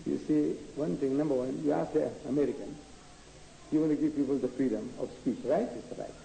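A man's voice: on the high side, fairly even intonation, a little fast, gravelly, warm tone. Combative man lecturing in an echoey hall. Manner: emphatic, combative, rhetorical questions. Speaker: lecturer answering audience questions. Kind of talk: public lecture Q&A. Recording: echoey hall with faint noise, archive tape.

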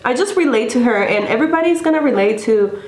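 A woman's voice: a little high, expressive, quick pace. A young woman hosting a casual music reaction video, gushing and effusive, filling her talk with "like" and "literally.". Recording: echoey room with music playing. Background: faint music.

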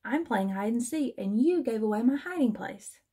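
A woman's voice: fairly high pitch, animated, moderate pace, dark tone, breathy edge. A woman voicing a grumpy, blunt young male jungle animal in a children's storybook reading, with an indignant manner. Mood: cross.

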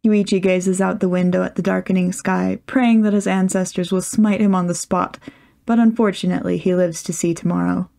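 A woman reading a fan fiction story aloud with lively, wry storytelling. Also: on the low side, a little fast, vocal fry. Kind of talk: audiobook narration.

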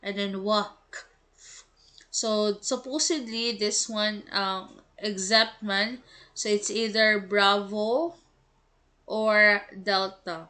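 A woman walks through a test answer by answer as a teacher, slipping Cebuano into her English. Her delivery is unhurried and deliberate. Her voice has a bright, clear edge. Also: medium pitch, fairly even intonation. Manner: slow, explanatory, mixes English with Cebuano.

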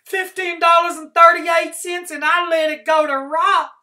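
A man reading a storybook aloud and voicing a huge, frantic old foster mother with a wailing falsetto and a folksy drawl. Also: fairly even intonation, unhurried, pushed and bright, exaggerated voice.

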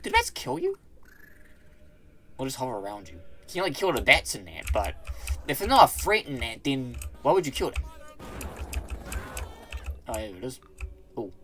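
A man hosting a let's play, commenting excitedly on his own gameplay, exclaiming, swearing and rambling as he corrects himself. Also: medium pitch, normal speed, long pauses, soft background music. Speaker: gaming channel host.

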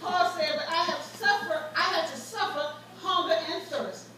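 A woman preaches with mounting fervor, weaving stories from her own life into the sermon. Her voice sits very high and rings bright and forceful. It carries through a very echoey church and is picked up from well away from the mic. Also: moderate pace, far from the mic, a little hiss or hum. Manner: preaching with rising fervor, storytelling. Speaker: guest preacher. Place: church sanctuary.

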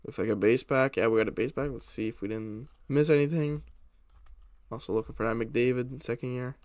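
With no room sound at all, a young card-opening YouTuber talks a little fast in a mid-range voice. He's excited and chatty, addressing viewers casually as he works through packs of trading cards.

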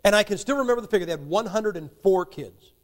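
A man's voice: sits high, lively intonation, fast talker. A man preaching a sermon in a folksy, joking way, with emphatic rises in his delivery. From United States.

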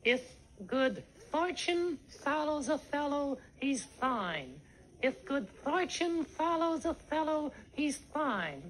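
A man voicing a cheeky, eager young boy ventriloquist dummy in a high, pinched voice on a scripted lesson record. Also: expressive, normal speed, sharp tone, full character voice, low-quality recording. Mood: chirpy. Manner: chirpy, wisecracking, eager to try.

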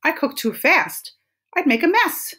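A woman voicing a hasty rabbit in a storybook read-aloud who makes quick, dismissive excuses. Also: high-pitched, very animated, bright, forceful tone, pitched above the performer's own voice, heavily acted.

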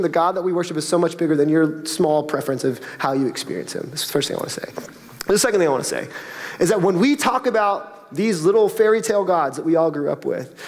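High-voiced pastor preaching in an echoing hall. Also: male voice. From South Florida. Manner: conversational preaching with rising, emphatic peaks. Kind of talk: sermon. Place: church auditorium. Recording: long reverb of a church hall.

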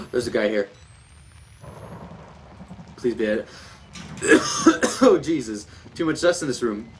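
A man's voice: mid-range voice, big pitch swings, measured pace, pauses often, a little hiss or hum. A young man commentating a horror game, jumpy and panicky, muttering repeated words to himself. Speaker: gameplay commentator.

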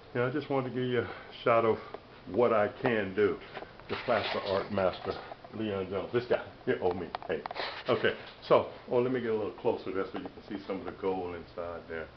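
Man with a lowish voice, chatty self-promoter, walking a house on a handheld camera mic; dull lo-fi audio. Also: slight background noise. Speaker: plaster artist. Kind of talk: casual walkthrough video. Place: indoors in a house, walking between rooms. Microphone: handheld camera mic, filming himself.

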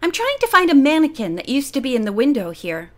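A woman's voice: high-pitched, wildly swooping pitch, quick pace. Woman voicing a polite young girl detective.

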